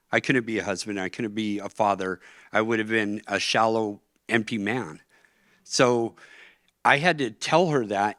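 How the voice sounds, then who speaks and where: A man's voice: on the low side, pushed and bright, no echo, studio quality. A middle-aged man telling an emotional personal story as a guest at a conference, earnest, his voice catching at times.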